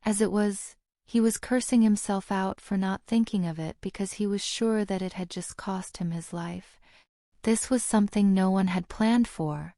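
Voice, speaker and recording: A woman narrating a fantasy audiobook in a steady storytelling manner. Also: medium pitch, normal speed, dry recording, clean studio sound. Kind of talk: scripted narration.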